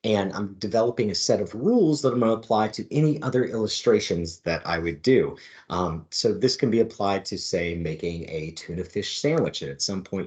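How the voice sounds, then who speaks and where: Low-voiced man teaching a design demo. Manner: relaxed, explanatory, with fillers and light jokes. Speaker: design instructor. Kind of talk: screen-recorded design demo.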